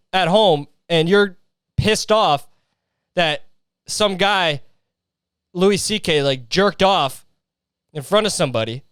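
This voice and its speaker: A man's voice: sits high, fairly bright tone, clean tone, dry recording, studio quality. A man hosting a solo comedy podcast, ranting with exasperated, profane, sarcastic asides and lots of filler words. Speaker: podcast host.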